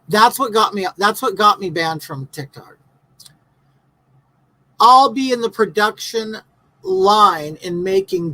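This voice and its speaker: Fifty-something streamer ranting at chat, blunt and sarcastic, reading comments out loud. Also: medium pitch, rough recording. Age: 50s. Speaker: livestream host. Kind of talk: casual livestream chat reading viewer comments.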